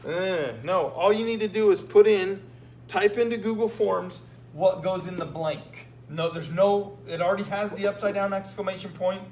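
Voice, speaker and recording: A man's voice: high voice, moderate pace, a little mellow. A man teaching Spanish, walking his students through a written exam with patient, repetitive explanations and frequent "okay?" check-ins. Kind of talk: recorded lesson going over a written exam. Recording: echoey room with faint hum.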